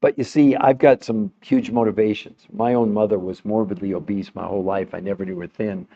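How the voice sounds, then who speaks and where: An emphatic man talks straight to his livestream viewers, pressing every point and repeating words as he goes. His voice is dark and mellow, and it sounds strained from overuse. The recording is dull and lo-fi. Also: on the low side, fairly even intonation, brisk. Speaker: podcast host. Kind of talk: impassioned livestream talk to viewers.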